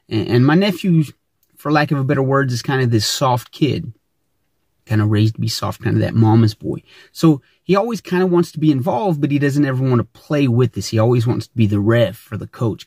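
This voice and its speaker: A middle-aged man delivers an emphatic motivational talk in a husky, breathy voice. He often restarts and repeats words as he presses each point. The sound is dry and close, with no room around it. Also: medium pitch, a little mellow, dry recording. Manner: earnest and emphatic, with frequent word repeats. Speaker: host. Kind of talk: motivational monologue.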